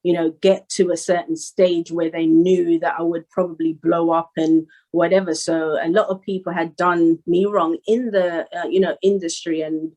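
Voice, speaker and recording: A woman's voice: fairly low pitch, little pitch movement, moderate pace, hardly any pauses, darkish tone, rough recording. A young woman with a London accent, chatting casually as an interview guest, laughing often and filling with "you know". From Northwest London, England. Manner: laid-back, laughs often, many "you know" fillers. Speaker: rapper guest.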